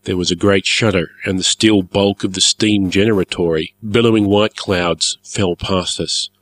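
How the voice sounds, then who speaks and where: A man narrating a story in a measured, formal, wry manner. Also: deep voice, fairly even intonation, a bit bright, no room sound.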